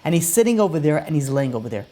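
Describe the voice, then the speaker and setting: Rabbi as storyteller, animated, voice swelling and dropping. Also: male voice, on the high side, rapid-fire. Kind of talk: storytelling sermon.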